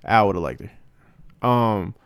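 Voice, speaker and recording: Animated, jokey young man telling a story. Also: fairly low pitch, slow pace, clean tone, dry recording, clean studio sound. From Hispanic family, father speaks Spanish. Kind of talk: casual storytelling chat.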